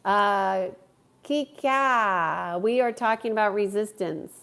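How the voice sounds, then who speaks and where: A woman coaching and hosting a live stream talks slowly in a creaky, medium-pitched voice. She greets viewers by name and takes their questions in a warm, sociable manner.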